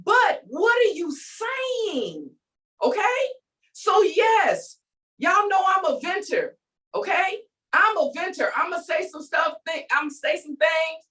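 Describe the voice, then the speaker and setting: A woman's voice: high-pitched, fairly bright tone, recorded from a distance, rough recording. A woman giving an emphatic, preachy faith talk, calling out to her listeners as she vents. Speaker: faith vlogger. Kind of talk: inspirational rant.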